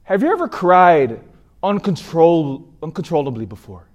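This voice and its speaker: Expressive priest preaching with lively pitch. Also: male voice, moderate pace. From California. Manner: earnest storytelling with emphatic rises. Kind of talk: sermon.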